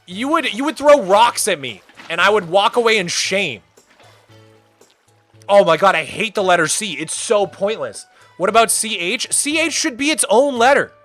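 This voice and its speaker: A high-voiced young man talks casually on a live stream, his pitch bouncing all over as he rants with mock outrage. His tone is bright and forceful, and faint music plays under his voice. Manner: animated, ranting, quick to exaggerate.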